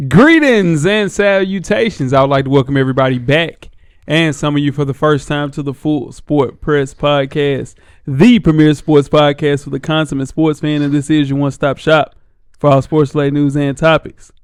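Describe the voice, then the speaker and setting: A man's voice: fairly high pitch, normal speed, smooth, dry recording. A man hosting a casual sports podcast in a studio, telling stories with lots of laughter. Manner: animated storyteller, laughs often. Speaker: podcast host.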